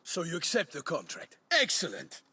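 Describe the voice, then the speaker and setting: An actor playing a proud, gallant knight in a video game, declaiming archaic lines with eager earnestness. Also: male voice, on the high side, wildly swooping pitch, normal speed, bright, forceful tone, husky, exaggerated voice.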